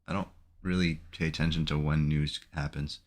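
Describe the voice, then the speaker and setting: A man's voice: a bass voice, little pitch movement, moderate pace. A man giving live commentary on his own trades, talking to himself in an anxious, emotional way. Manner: anxious, emotional self-talk. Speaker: day trader streaming his trading.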